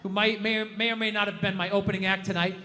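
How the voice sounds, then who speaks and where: A stand-up comedian in his fifties, ranting profanely on stage and breaking into shouts. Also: high-pitched, level tone, fast. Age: 50s. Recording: echoey hall with loud crowd laughter.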